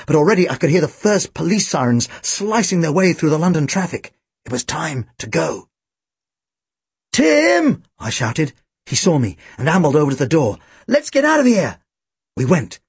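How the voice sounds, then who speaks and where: Husky man narrating a lively audiobook. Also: fairly high pitch, no echo. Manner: lively, wry delivery with deadpan asides. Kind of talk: first-person storytelling narration.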